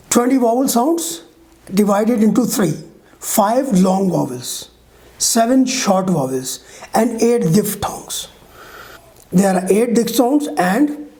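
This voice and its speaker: Slow, mellow-voiced woman teaching pronunciation. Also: medium pitch. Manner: slow, deliberate, models each sound with examples; checks in with the learner often. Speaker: English teacher. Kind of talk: pronunciation lesson.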